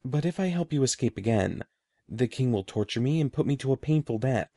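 A man voicing an old, sorrowful male wizard who speaks softly and gravely, halting with grief. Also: medium pitch, expressive, dry recording, clean studio sound.

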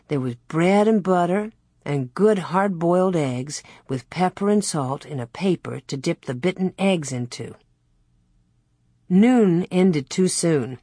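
A woman with a husky, low, slightly mellow voice reads scripted narration from a children's novel as an audiobook narrator. The sound is dry and studio-clean.

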